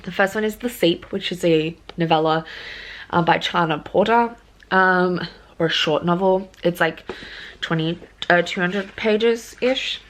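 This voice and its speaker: A young woman with an Australian accent talks through her book haul in a casual vlog. Her voice sits a little low, and she rambles with lots of ums and self-corrections. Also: unhurried. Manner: chatty, rambling, full of ums and restarts. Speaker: book vlogger.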